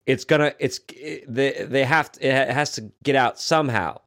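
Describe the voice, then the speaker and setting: A man co-hosting a casual podcast conversation, his voice sitting at an ordinary male pitch. He rambles through thoughts with plenty of fillers and self-restarts, keeping the tone jokey. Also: moderate pace, few pauses, a bit bright. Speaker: podcast co-host. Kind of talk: casual chat.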